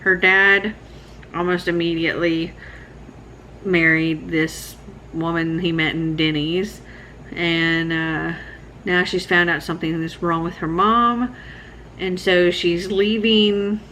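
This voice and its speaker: A woman in her thirties giving a relaxed, rambling late-night book vlog check-in, sounding sleepy. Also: lowish voice, takes it slowly, a little hiss or hum, poor audio. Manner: relaxed, rambling, laughs often. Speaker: book vlogger.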